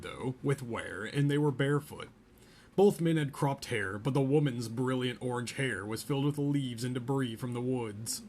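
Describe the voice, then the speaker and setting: Guy reading a novel out loud, jokes in between, bit of hiss behind him. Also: mid-range voice. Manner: reads a novel aloud, breaks off for joking asides. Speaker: podcast host reading aloud. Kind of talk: casual read-aloud with asides.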